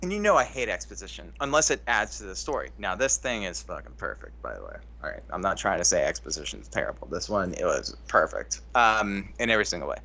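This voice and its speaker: A man's voice: low voice, wildly swooping pitch, fast, vocal fry, hardly any pauses, sharp tone. A man co-hosting a casual film breakdown chat, rambling and restarting his sentences often. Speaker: co-host.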